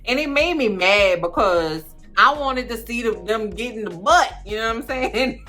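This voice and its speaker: Brief: animated, sassy woman recapper, talks to viewers directly, quite bright. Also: fairly high pitch, normal speed, faint music behind. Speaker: vlogger, show recapper. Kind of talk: casual recap chat.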